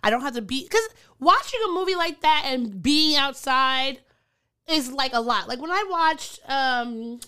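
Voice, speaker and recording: A woman's voice: high-pitched, expressive, a little slow, pushed and bright. A young woman co-hosting a casual podcast, chatty and laughing often. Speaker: podcast co-host. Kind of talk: casual chat.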